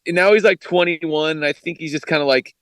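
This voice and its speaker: Brief: easygoing man, fairly high voice, casual chat, dry sound. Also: fairly quick, a bit bright, dry recording. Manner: laid-back, joking.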